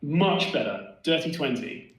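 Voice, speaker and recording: A man playing a tabletop game, talking in quick, chatty bursts. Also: on the high side, expressive, a bit bright, a little hiss or hum. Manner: quick, chatty, laughing asides. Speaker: player. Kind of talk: casual tabletop game chat. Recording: roomy echo.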